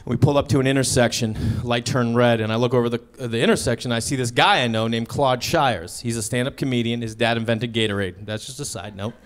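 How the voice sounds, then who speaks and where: A man doing stand-up comedy, telling a story on stage and acting out both sides of a shouted argument. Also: medium pitch, a little fast, few pauses. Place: live comedy stage with audience laughter.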